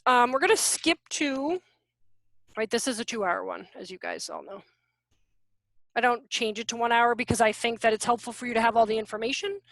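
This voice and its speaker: A woman's voice: on the high side, sharp tone, no echo. A woman presenting an online workshop on parenting and teaching, talking casually and acting out parents and kids as she goes. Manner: chatty, acts out parent and child voices. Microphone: video call.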